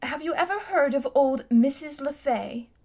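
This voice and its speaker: A woman reading a storybook aloud, voicing a sly, self-satisfied elderly man with a slow, coaxing manner. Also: sits high, a little mellow, voice pushed up. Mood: smug. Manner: smooth, slow and coaxing, with a hint of menace.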